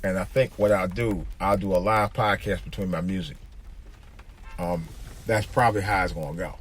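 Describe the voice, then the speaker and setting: A deep, slightly husky male voice recorded inside a car as the man drives. He talks in a loose, rambling podcast monologue, circling back on his words and leaning on fillers as he goes. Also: fairly even intonation, moderate pace. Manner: rambling, repeats himself, many fillers. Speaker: podcast host. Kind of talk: casual monologue. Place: in a car, driving.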